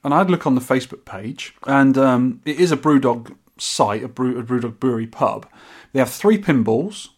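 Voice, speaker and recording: A man's voice: medium pitch, lively intonation, moderate pace, husky. A man co-hosting a podcast, chatting enthusiastically and casually, often restarting his sentences. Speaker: podcast co-host. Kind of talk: casual chat.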